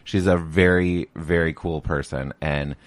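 A man's voice: a bass voice, fairly even intonation, a little slow, no echo. A man who performs as a drag queen, chatting upbeat and laughing often as a guest on a local radio interview.

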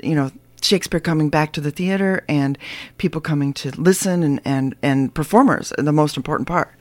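Male radio host, higher voice, close dry sound; enthusiastic, rambling delivery. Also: a little fast, no echo. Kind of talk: casual radio interview.

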